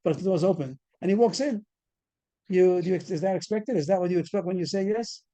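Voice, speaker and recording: A man's voice: high-pitched, fast talker, warm tone. A man teaching a Talmud class over a video call, explaining a case step by step and quizzing the students. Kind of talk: fast Talmud study lecture.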